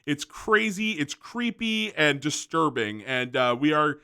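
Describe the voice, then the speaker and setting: A man's voice: fairly high pitch, expressive, measured pace, bright, forceful tone, clean tone. A man hosting a commentary video, ranting angrily with profanity, fillers and restarts.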